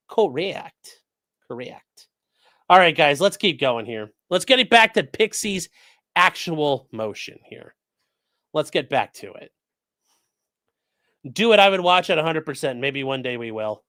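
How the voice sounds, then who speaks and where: A man streaming legal commentary, talking in a lively, swooping voice that sits a little high for a man, and often swearing freely. The sound is dry and close, with no room around it. Now and then he breaks off to coax his dogs in a sing-song tone. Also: no echo. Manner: profane and blunt, swearing freely. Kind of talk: casual live-stream commentary reading chat.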